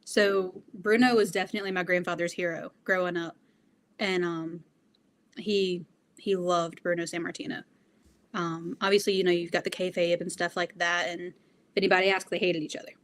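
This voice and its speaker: A woman's voice: lowish voice, little pitch movement, moderate pace, slight background noise. A young woman being interviewed, answering in an earnest, reflective way with frequent fillers. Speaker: interview guest.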